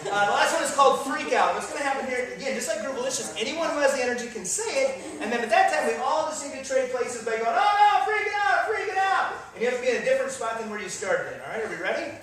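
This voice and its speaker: A man, an improv performer, leading a group through an energetic icebreaker game and explaining the rules in a playful, upbeat way. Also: extremely high pitch, very fast, few pauses, noisy background. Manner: upbeat, playful, bursts into loud exclamations. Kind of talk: energetic live game demonstration. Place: event room with a crowd. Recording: echoey room, from far off, crowd around.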